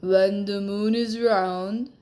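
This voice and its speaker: A woman voicing a calm, mysterious magic lizard in a storybook, speaking slowly and solemnly. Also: medium pitch, natural voice. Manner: slow, solemn and measured.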